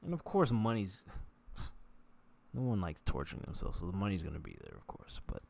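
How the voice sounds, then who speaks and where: A man with a fairly low voice talks straight to his viewers in a loose vlog monologue. He rambles and drifts from thought to thought as if talking to himself. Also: wildly swooping pitch, a little fast, vocal fry, a little mellow. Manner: rambling, self-talking, digressive. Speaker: vlogger.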